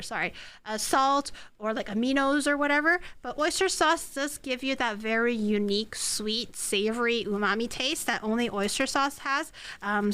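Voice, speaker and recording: A woman's voice: a little high, sharp tone, smooth. A woman streaming herself cooking at home, chatting casually, self-mocking and swearing. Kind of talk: casual cooking livestream chat.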